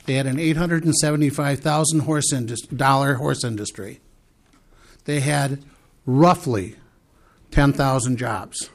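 Man with a slightly raised pitch, earnestly pitching numbers to lawmakers. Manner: earnest, persuasive, cites figures with pauses and restarts. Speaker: horse farm owner testifying at a committee. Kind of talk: legislative committee testimony.

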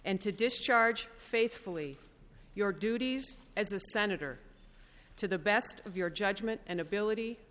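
A woman judge slowly and solemnly administering an oath of office in a legislative chamber. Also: medium pitch, a bit bright. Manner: slow, measured, solemn. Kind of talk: formal oath reading. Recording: echoey chamber reverb.

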